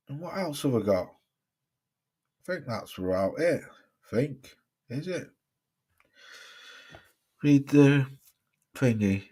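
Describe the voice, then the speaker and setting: Sweary English man with a Cheshire-Staffordshire accent. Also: mid-range voice. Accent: mixed Cheshire and Staffordshire English. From Cheshire, England. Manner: rambling and sweary, addresses chatters by name. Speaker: boxing livestream host. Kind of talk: casual live-stream chat reading viewer comments.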